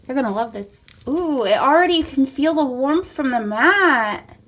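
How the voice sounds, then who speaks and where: A woman's voice: high-pitched, lively intonation, unhurried, fairly bright tone. A young woman at home, chatting to her cats in sweet baby talk and explaining things to her viewers as she tidies their bed. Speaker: pet vlogger. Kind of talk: casual narration while handling kittens. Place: at home beside a cat bed.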